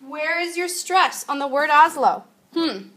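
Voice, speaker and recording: High-voiced woman teaching grammar. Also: animated, sharp tone, slight background noise. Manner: chatty, patient explaining, drawing out example words slowly. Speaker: Spanish teacher. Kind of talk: recorded classroom grammar lesson.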